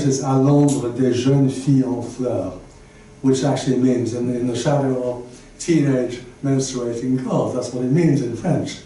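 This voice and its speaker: An older man with a dark, mid-range voice is giving a chatty, digressive public talk as a guest lecturer, full of fillers and asides. He addresses an audience in a lecture room, heard from far away in a very reverberant space with faint background noise.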